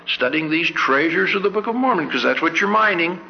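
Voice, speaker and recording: An older man from Canada delivers an anecdotal sermon, telling stories earnestly and pressing one searching question after another. His voice sits fairly high with a gravelly edge. The sound is a dull, lo-fi recording with long reverb from a large hall. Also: lively intonation, fairly quick. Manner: earnest storyteller, asks many searching questions. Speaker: church speaker.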